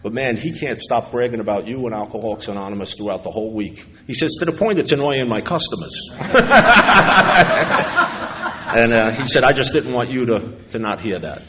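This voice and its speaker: Here a middle-aged man from New York, mid-range in voice, talks fast with few pauses while giving a personal recovery talk to a convention audience. He acts out what others said and tells his story with wry humor. Background noise is present, and the large convention hall sounds echoey with faint ambience.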